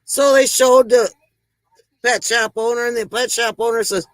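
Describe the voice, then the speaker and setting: A woman's voice: fairly high pitch, steady tone, moderate pace, no echo, poor audio. A woman hosting a casual livestream, chatting with viewers, greeting them by name and telling corny jokes. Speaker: livestream host.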